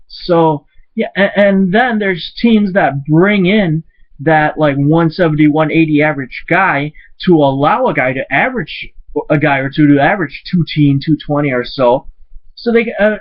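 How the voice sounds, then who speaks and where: Brief: man, blunt exasperated vlog rant, slightly high voice, dull lo-fi home recording. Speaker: vlogger. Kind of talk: ranting vlog.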